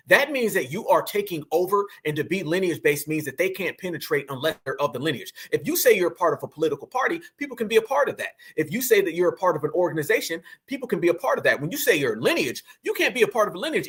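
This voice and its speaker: Guy reacting to a clip, high voice, keeps hammering his point and mocking, talks right at his viewers. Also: pushed and bright, slightly rough. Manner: emphatic, mocking, repeats points to the audience. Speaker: commentary channel host. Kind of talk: reaction commentary on a played clip.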